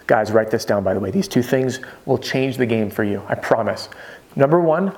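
A man coaching salespeople in an energetic, conversational way, often checking in with his listeners. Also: medium pitch, moderate pace. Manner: energetic, conversational, peppered with "right?" check-ins. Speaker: roofing sales trainer. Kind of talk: motivational sales coaching monologue.

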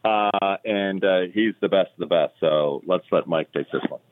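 A middle-aged man with a very deep voice chats eagerly and jumps in with his own points. His line is dry and thin, like a phone call. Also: moderate pace, no room sound. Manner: chatty, interjecting, enthusiastic introductions. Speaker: podcast co-host. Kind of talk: casual podcast chat.

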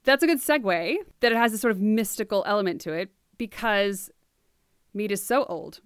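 An American woman hosting a podcast, telling facts in a casual, jokey way with quick asides. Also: mid-range voice, smooth, dry recording, studio quality. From United States. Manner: animated, jokey storytelling with asides. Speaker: podcast host.

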